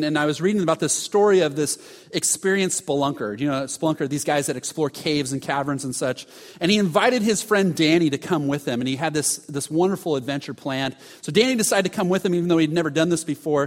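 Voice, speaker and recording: A man preaching a sermon as pastor, telling a story with sudden drops into a hushed voice. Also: a little high. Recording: reverberant hall.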